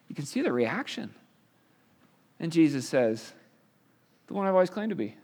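A middle-aged man preaching a sermon in a church sanctuary, with a fairly high voice for a man. He explains things in a conversational way and keeps asking his listeners questions. His voice carries a long reverb from the hall. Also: very animated, moderate pace, pauses often, a little mellow. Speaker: pastor.

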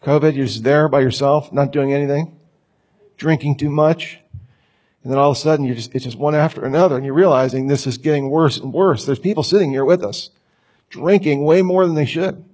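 A man's voice: a little high, fairly quick, a little mellow. A man preaching a sermon as pastor, emphatic and conversational, asking the listeners rhetorical questions. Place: church sanctuary.

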